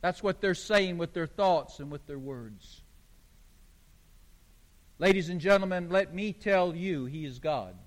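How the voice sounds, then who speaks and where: A pastor from the United States preaches in a strikingly high voice, leaning hard on each point. He speaks slowly and deliberately. His sermon rings with the long reverb of a church sanctuary. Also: a bit bright. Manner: emphatic, slow and deliberate, preacherly cadence.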